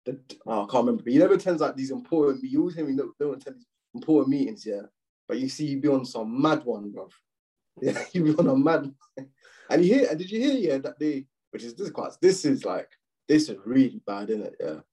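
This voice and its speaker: A young man, co-hosting a podcast in casual, slangy chat full of swearing and animated rants. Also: medium pitch, a little fast, breathy edge, rough recording. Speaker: podcast co-host.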